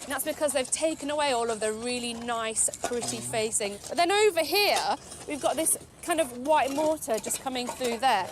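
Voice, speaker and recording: A woman archaeologist explaining finds at an outdoor dig site, brisk and pointing things out. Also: sits high, animated, background noise.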